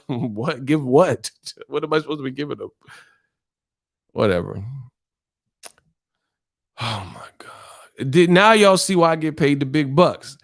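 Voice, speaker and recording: A man's voice: a little high, expressive, a little slow, long pauses, no echo, studio quality. A man hosting his own stream rants in a loose, casual way, swearing freely and sounding exasperated. His voice sits a little above the usual male range, and he breaks into laughter often. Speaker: streamer host. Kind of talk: casual live stream rant.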